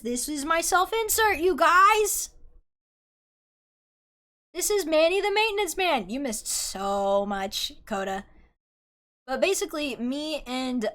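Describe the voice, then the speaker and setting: A young woman chatting casually on a livestream while drawing, rambling excitedly, swearing and yelling at her chat. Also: a little high. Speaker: artist streamer.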